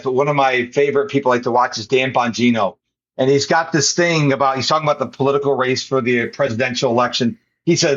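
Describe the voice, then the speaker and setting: A man's voice: on the high side, a bit bright, lo-fi sound. A man hosting a podcast interview, talking earnestly about serving others in casual chat. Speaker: podcast host.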